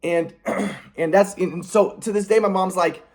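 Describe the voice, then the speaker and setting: A man's voice: sits high, steady tone, unhurried, darkish tone. A man in his thirties telling a personal story in a vlog, rambling and aggrieved, often repeating words and restarting his sentences. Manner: aggrieved, heated. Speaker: vlogger.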